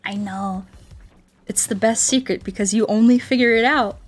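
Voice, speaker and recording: A woman's voice: on the high side, steady tone, fairly quick. A woman streamer and ASMR artist chatting casually with her viewers, playful and self-joking, with faint game music behind her. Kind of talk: casual livestream chat with viewers.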